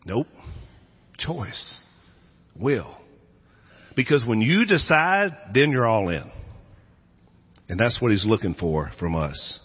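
Male pastor, slightly raspy mid-range voice, dramatic storyteller, long hall reverb on a dull recording. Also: medium pitch, very animated, takes it slowly, long pauses. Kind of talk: sermon. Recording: echoey hall, dull lo-fi sound.

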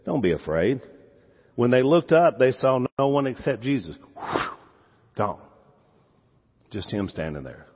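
A man with a Southern US accent delivers a sermon in a lively, sweeping voice that rises for emphasis and drops to quiet asides. His tone is a touch husky. The sound is dull, with a long reverb trailing through a big hall. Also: mid-range voice, unhurried, pauses often. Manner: animated, swings from loud emphasis to quiet asides. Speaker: pastor.

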